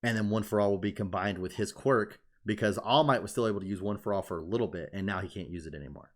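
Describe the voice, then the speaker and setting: Podcast co-host, male, low-ish voice, loose and profane, excited fan energy. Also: quick pace. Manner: excited, swears freely, many "like" fillers. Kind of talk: casual podcast chat.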